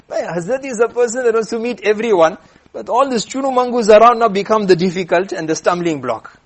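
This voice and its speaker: A man preaching, telling a story in an animated way and acting out the characters. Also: sits high, a little fast. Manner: animated storyteller, acts out voices. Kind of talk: sermon storytelling.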